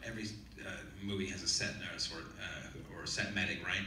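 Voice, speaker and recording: A man telling a story on stage in an animated, playful way. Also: low voice, brisk, a little hiss or hum. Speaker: guest actor. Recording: echoey hall, mic from far off.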